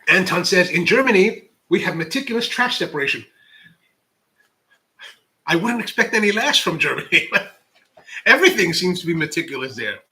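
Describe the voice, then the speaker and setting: Bright-voiced man chatting on a livestream. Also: sits high, moderate pace, pauses often. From United States. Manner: rambling, many restarts, animated asides. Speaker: coffee channel host. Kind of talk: casual livestream chat reading viewer comments.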